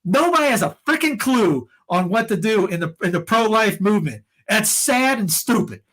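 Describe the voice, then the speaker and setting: A man with a high, expressive voice and fairly bright tone speaks at normal speed as a podcast co-host. He rambles heatedly through casual opinions, often restarting and filling gaps with fillers.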